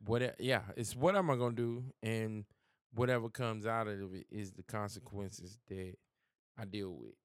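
A man's voice: on the low side, steady tone, normal speed, clear, resonant tone, no room sound, clean studio sound. A man co-hosting a podcast, talking in an easygoing casual chat and swearing freely. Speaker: podcast co-host.

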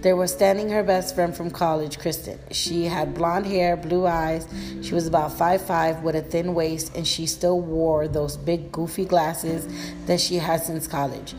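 A woman's voice: low-pitched, steady tone, measured pace, music in the background. A woman reading a story aloud in a plain manner, with small slips and restarts.

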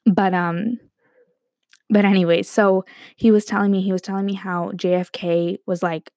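A young woman casually telling a rambling story to her viewers, animated and quick to laugh. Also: fairly low pitch, dry recording, clean studio sound. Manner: animated, rambling, breaks into quoted voices and laughs.

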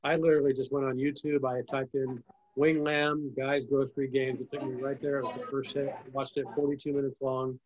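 A man's voice: medium pitch, flat delivery, fairly quick, a little mellow, lo-fi sound, a little hiss or hum. A man hosting an interview, friendly and encouraging, asking long questions. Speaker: podcast host. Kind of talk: interview conversation.

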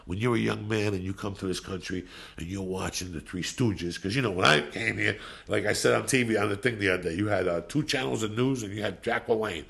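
A Cuban-born man in his fifties, a native Spanish speaker, hosting a podcast and telling stories in a profane, animated way. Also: on the low side, fast, gravelly, hardly any pauses. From Cuba. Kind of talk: casual chat, storytelling.

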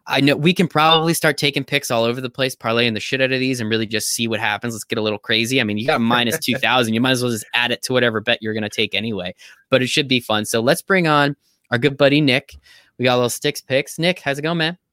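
A man's voice: medium pitch, fairly even intonation, quick pace, bright, forceful tone, clean tone, dry recording, studio quality. A man hosting a sports betting podcast, chatting casually and hyping his guests. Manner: upbeat, hypes guests and recaps picks. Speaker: podcast host.

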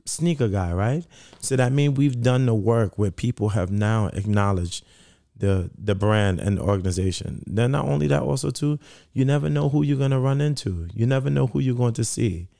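A middle-aged man from Brooklyn, New York, who founded a sneaker charity, tells his story in an interview. His medium-pitched voice is warm with some vocal fry, moving at a normal speed, and he speaks earnestly, repeating himself and acting out quoted dialogue. The recording is dry and studio quality.

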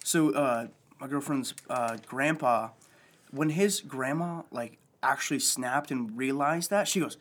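A young man in casual chat, telling stories in an animated way and swearing often. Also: medium pitch, a little slow. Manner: animated storyteller, swears a lot.

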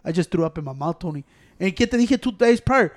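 High, quick-talking man. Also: lively intonation. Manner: profane, switches between English and Spanish mid-sentence. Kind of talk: casual chat.

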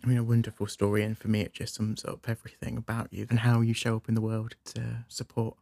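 A man interviewing a guest, speaking in a measured, admiring way. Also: on the low side, monotone, vocal fry, a little mellow, no room sound, studio quality. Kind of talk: podcast interview.

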